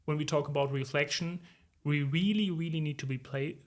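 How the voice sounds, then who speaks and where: His voice sits on the high side: a consultant in his forties, interviewed as a podcast guest. He answers reflectively and with care, with many "um"s and repeated "if you will."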